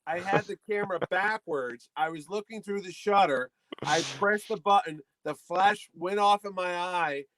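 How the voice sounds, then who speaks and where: Here a middle-aged man hosting a podcast tells a comedic anecdote in casual talk, his high voice animated as he dramatizes the quotes. There's no echo, though the recording quality is low.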